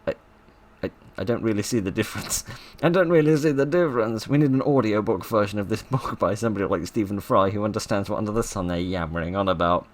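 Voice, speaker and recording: A man reading an old book aloud and breaking off for wry, sarcastic asides, often laughing. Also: sits low. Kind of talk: comic read-aloud with commentary.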